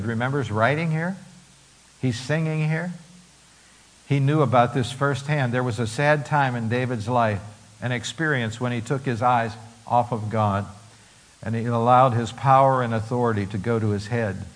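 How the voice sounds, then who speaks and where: A middle-aged male pastor preaching a sermon, who now and then slows into singing a hymn with the congregation. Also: medium pitch, rough recording. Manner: unhurried preaching, breaks into slow hymn singing.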